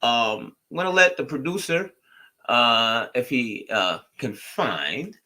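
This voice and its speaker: A man with a bright, forceful voice chats casually as a co-host. He rambles loosely and jokes around, speaking at a middling pitch. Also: expressive, slow. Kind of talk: casual chat.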